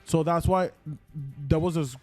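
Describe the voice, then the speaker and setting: A young man on a casual podcast recounts events in an animated rush, leaning on "like" as he goes. His voice sits a little high for a man, with faint music under the talk. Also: unhurried, dry recording. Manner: animated retelling, heavy use of "like". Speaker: podcast co-host. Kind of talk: casual chat.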